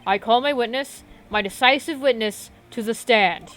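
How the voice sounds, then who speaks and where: A woman voicing an arrogant older male prosecutor who speaks loudly, curtly and with command. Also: a little high, moderate pace, natural voice. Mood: haughty. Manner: loud, curt, commanding.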